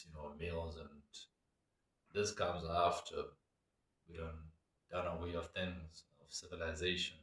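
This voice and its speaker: Low-voiced guy w a rambling thoughtfully, sounds far off in a roomy space. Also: fairly bright tone. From Botswana. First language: Setswana. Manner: reflective, meandering. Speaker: cultural commentator. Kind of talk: casual monologue. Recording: echoey room, away from mic.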